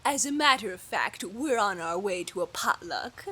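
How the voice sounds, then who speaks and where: A woman's voice: medium pitch, expressive, moderate pace, bright, forceful tone, husky. A woman voicing a friendly female tourist goose in a storybook reading, polite and helpful.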